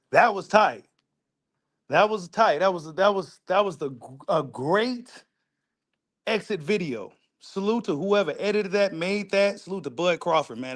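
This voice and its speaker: A man talks in a high, excitable register as he reacts to a video. He repeats lines for emphasis and drops curse words freely, in loose casual commentary. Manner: repetitive, emphatic, profane street talk.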